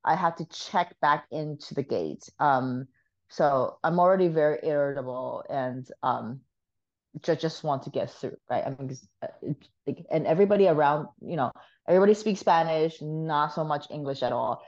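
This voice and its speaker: Deep-voiced woman guest, casual and animated, salty language, muffled sound. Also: normal speed. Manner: animated, swears freely, laughs often. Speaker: podcast guest. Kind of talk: casual storytelling.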